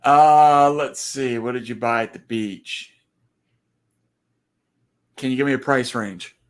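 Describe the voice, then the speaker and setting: A man's voice: mid-range voice, slow, clean tone. A man with a Southern US accent, co-hosting a casual chat over a video call, joking and rambling through asides. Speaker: co-host.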